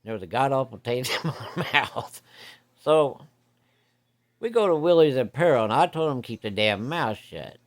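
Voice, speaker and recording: A man's voice: mid-range voice, lively intonation, normal speed. A man telling a hunting story in a folksy, profane, vivid way. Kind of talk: casual spoken storytelling.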